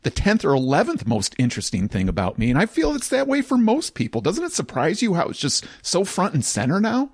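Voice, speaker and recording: A man hosts a podcast in a casual chat, his voice gravelly and rising and falling a lot as he muses aloud and laughs easily. The sound is close and dry. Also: sits high, wildly swooping pitch, a little fast, hardly any pauses, dry recording. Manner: reflective questions, laughs often. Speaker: podcast host.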